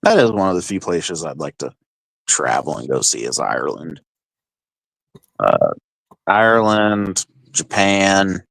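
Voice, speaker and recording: A man's voice: sits low, big pitch swings, unhurried, gravelly, pauses often, a bit bright, no room sound, rough recording. A young man from the United States in his twenties, slightly tipsy, chatting casually and swearing on a livestream. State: tipsy from drinking.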